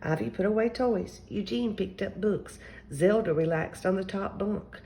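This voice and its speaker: A woman reading a children's picture book aloud at a gentle, steady pace. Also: mid-range voice, moderate pace, rough recording. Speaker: storyteller.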